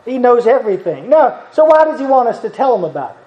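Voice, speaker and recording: A man's voice: extremely high pitch, sing-song, fast. A middle-aged man preaching a sermon in a folksy, conversational way, chuckling as he talks. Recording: dull lo-fi recording.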